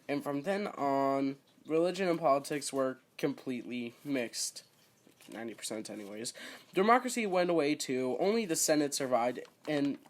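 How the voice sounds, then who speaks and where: A man's voice: a little high, a little hiss or hum. A man reading a school report aloud, stumbling over words and slipping in joking asides.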